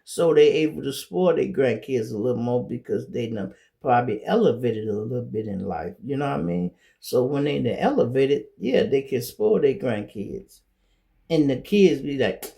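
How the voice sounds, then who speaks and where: A man's voice: medium pitch, a little slow, creaky. A middle-aged man with a Chicago accent telling casual stories as a show host, acting out quoted voices. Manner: animated, acts out quoted voices. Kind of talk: casual storytelling monologue.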